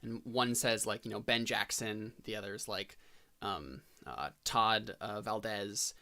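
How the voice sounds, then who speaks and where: A man narrating as game master in a tabletop role-playing game, halting and filling pauses as he describes scenes. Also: on the low side, pushed and bright. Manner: halting, full of fillers and restarts.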